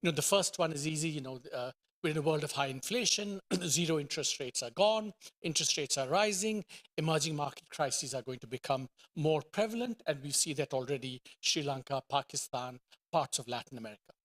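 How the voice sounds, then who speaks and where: Halting, emphatic economist, slightly high. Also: male voice, lively intonation, fairly bright tone. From India. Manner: hesitant starts with many fillers, emphatic repetition. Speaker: economist panelist. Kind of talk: conference panel presentation. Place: conference panel.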